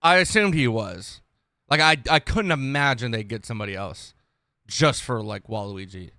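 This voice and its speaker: A young man streaming, reacting casually to videos in a slangy, excitable, swearing way. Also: mid-range voice, normal speed, clean tone, no room sound.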